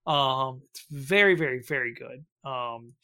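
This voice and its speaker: A man's voice: mid-range voice, unhurried, pushed and bright, clean tone. Rambling laughing man hosting a podcast. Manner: rambling, laughing, swearing, lots of ums. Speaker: podcast host running a bracket vote. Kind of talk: casual chat.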